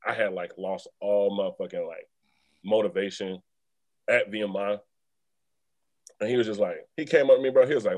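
Low-voiced young man telling a story. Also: fairly quick, long pauses, no echo. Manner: relaxed storyteller, mimics a friend's words, swears freely. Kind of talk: casual storytelling.

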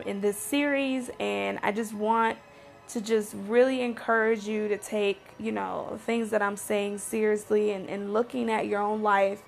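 A woman's voice: mid-range voice, creaky. A woman hosting a video series, speaking fervently and with frustration to her viewers, full of fillers and restarts. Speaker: series host addressing viewers. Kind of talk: impassioned personal commentary to camera.

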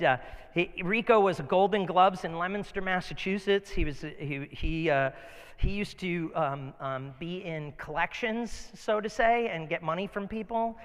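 A man preaching a sermon as pastor, telling stories in a casual, animated way in a church. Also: high-pitched, moderate pace, clean tone, long reverb tail.

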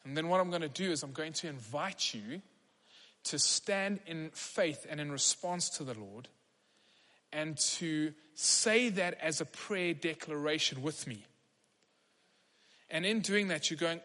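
Slow, bright-voiced male pastor. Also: a little high, animated. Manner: earnest, encouraging, leads the congregation in prayer. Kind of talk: sermon. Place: large church hall. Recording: long hall reverb.

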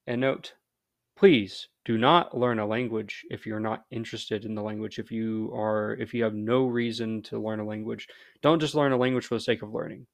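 Casting: American guy, mid-pitched, chatty solo podcast host, loose filler-heavy delivery, dry booth sound. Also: vocal fry, no echo. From United States. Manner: rambling, filler-heavy, self-deprecating. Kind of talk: casual podcast monologue.

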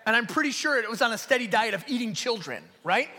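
A male pastor preaching a sermon live in a church hall, telling stories in an animated way and dropping to hushed, near-whispered emphasis. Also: very high-pitched, fast talker. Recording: long reverb of a large hall.

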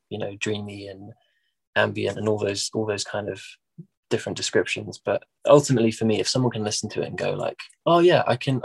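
A man's voice: on the low side, gravelly, slightly rough. A young English man with a Midlands accent, a musician chatting casually in an interview with lots of fillers and restarts. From England.

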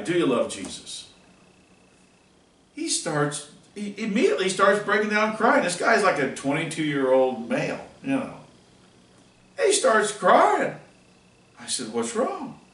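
A man's voice: on the high side, sing-song, measured pace, pauses often, a bit bright. A middle-aged man teaching a catechism class, telling a folksy, earnest story. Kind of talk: catechism class talk with personal anecdote. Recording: roomy, mic far off.

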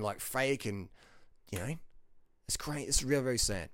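A man's voice: mid-range voice, animated, a bit bright, no room sound, studio quality. A man giving a blunt, rambling motivational monologue as a diet vlogger, mocking his critics. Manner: brash, rambling, mocks critics in quick put-on voices.

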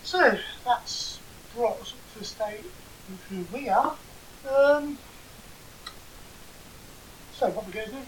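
A woman's voice: fairly high pitch, expressive, slow, pauses often. Dry, sarcastic English woman, distant mic. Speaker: podcast co-host. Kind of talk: casual banter. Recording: distant mic with faint hiss.

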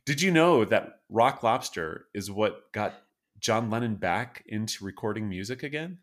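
A man co-hosting a laid-back music podcast, talking in a lowish voice. He tells stories with enthusiasm and laughs often, easy and conversational. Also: animated, a little slow. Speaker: podcast co-host. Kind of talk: casual chat about songs.

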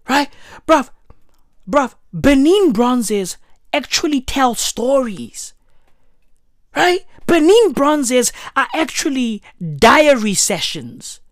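Woman, heated slangy rant, high voice, slow unhurried delivery. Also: no room sound, studio quality. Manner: heated, profane, repetitive, slangy. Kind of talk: profane ranting monologue.

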